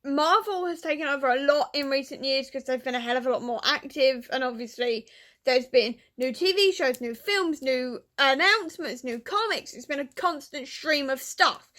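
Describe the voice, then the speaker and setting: A woman book vlogger chatting casually, gushing and tearful with excitement, full of fillers. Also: sits high. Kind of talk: casual vlog chat.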